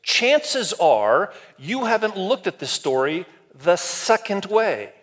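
A man delivering a sermon, with a voice that sits a little higher than most men's. He preaches in a lively, conversational way and often turns to the congregation with questions and calls for a show of hands. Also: slow pace. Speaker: pastor. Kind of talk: sermon to a multi-campus church.

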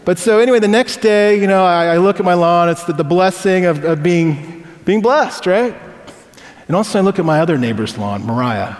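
A man's voice: high voice, animated, moderate pace. A man preaching a sermon as a pastor, telling stories in a conversational way. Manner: conversational storytelling with personal anecdotes. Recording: long hall reverb.

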